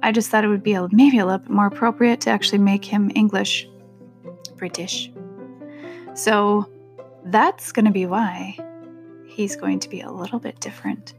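A woman's voice: mid-range voice, steady tone, normal speed, pauses often, soft background music. A woman hosting a reading podcast, chatting casually with listeners and making joking asides. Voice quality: gravelly fry. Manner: chatty and self-deprecating, aside-prone. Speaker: audiobook podcast host and reader. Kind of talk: casual chat and reading aloud.

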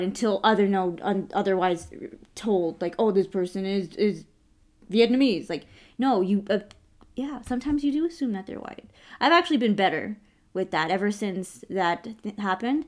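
A young adult woman talking in a lively, expressive way in a casual chat. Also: medium pitch. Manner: lively, expressive, quick to agree.

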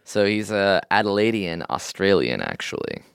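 Lively, joking male podcast host. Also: deep voice, moderate pace, gravelly, clean tone, no room sound, clean studio sound. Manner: joking, laughs often. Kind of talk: casual chat.

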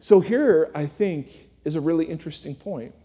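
High-voiced pastor in a reverberant hall. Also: male voice, normal speed, dull audio. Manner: casual, asks the audience rhetorical questions. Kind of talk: conversational sermon. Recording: long reverb of a large hall.

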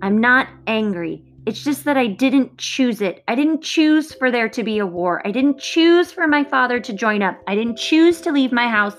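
A woman's voice: fairly high pitch, expressive, moderate pace, few pauses, faint music behind, natural voice. A woman voicing an upset young boy who pleads in a rising voice, close to tears.

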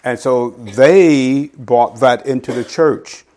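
A middle-aged man preaching a sermon in a conversational teaching style, reading scripture slowly and asking his listeners "right?". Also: medium pitch, warm tone. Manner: quotes scripture slowly and deliberately. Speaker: pastor.

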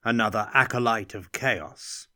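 A man's voice: fairly low pitch, measured pace, sharp tone, no room sound, studio quality. A man voicing a cold, suspicious nobleman who interrogates curtly and gives stern commands. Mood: cold commanding.

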